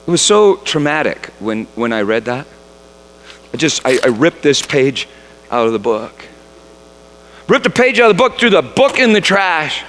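A man's voice: on the high side, very animated, moderate pace, pauses often, fairly bright tone. A man giving a storytelling sermon, reading aloud dramatically, often stumbling and repeating words. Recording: long reverb of a large hall.

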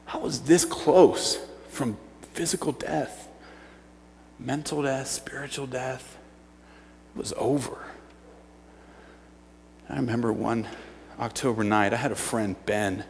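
Male youth pastor, sermon, hushed whispers to shouts, long echo of a church hall, faint hum. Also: mid-range voice, moderate pace. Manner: swings from hushed near-whispers to loud shouting. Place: church sanctuary.

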